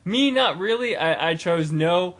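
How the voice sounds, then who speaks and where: A man's voice: high-pitched, expressive, unhurried, a bit bright. A young man talking in a casual, rambling video blog, full of fillers and restarts. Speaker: gaming vlogger.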